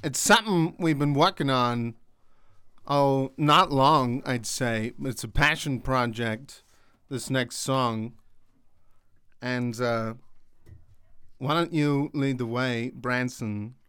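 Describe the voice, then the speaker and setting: A man doing a deadpan comedy song bit, talking in rambling, absurd turns. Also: mid-range voice, slow, long pauses, clean tone, no room sound. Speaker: comedy musician host.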